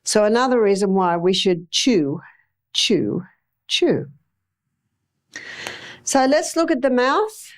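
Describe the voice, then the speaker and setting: A woman's voice: mid-range voice, sing-song, slow, long pauses. A middle-aged woman giving a chatty health lecture to a live audience, with homely anecdotes and acted-out examples.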